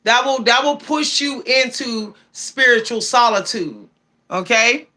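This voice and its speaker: A woman's voice: a little high, unhurried, sharp tone. A woman giving spiritual advice on her livestream, preachy and emphatic, often repeating key phrases. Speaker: spiritual streamer.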